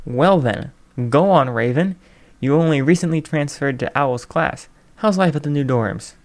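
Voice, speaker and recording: A man doing a loud, upbeat radio DJ. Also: fairly high pitch, moderate pace, lightly acted. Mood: hyped. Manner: showy, exclamatory radio-host delivery.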